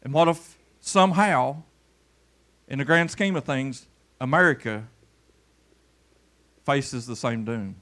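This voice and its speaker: A pastor preaching a folksy sermon in church, pulling people up front for a demonstration and swinging between loud calls and low murmurs. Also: male voice, slow pace, pauses often. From Kentucky.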